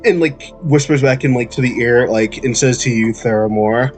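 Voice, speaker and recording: A man's voice: mid-range voice, moderate pace, music in the background. A man narrating as game master, loose and giggly, filling his talk with "like".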